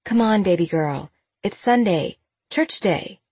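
A woman's voice: mid-range voice, animated, unhurried, darkish tone, husky, no echo. A woman playing a firm, coaxing young mother.

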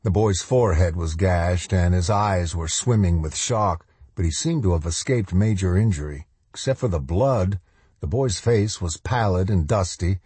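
A man reads a novel aloud in a measured, dramatic way. His voice is very low and dark, with a husky grain. The recording is dry and close, with no room sound. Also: no room sound. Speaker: audiobook narrator. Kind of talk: scripted narration.

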